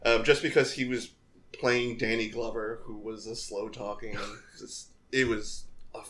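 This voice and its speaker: A man's voice: fairly low pitch, measured pace. Laid-back man chatting on a podcast. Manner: animated retelling of movie scenes with laughter. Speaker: podcast co-host. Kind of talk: casual chat.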